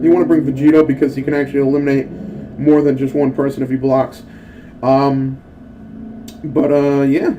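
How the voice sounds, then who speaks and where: A man's voice: a little high, slight background noise, poor audio. A young man in casual gameplay commentary, rambling and swearing as he tells stories between moves. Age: young adult. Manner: rambling and profane, with excitable acted-out quotes. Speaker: gaming channel host.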